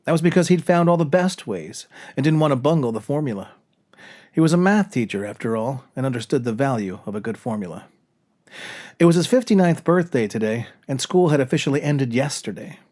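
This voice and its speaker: A man's voice: mid-range voice, animated, brisk, darkish tone. A man narrating a comic short story aloud with a dry, wry delivery. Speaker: narrator reading his own short story.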